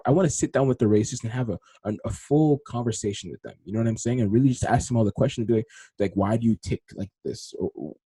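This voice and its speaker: Fast-talking young man on a dry mic. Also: slightly rough, no room sound. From Congolese heritage. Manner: rambling and animated, slangy, swings from low mutters to loud excited outbursts. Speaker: podcast host. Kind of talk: casual solo podcast storytelling.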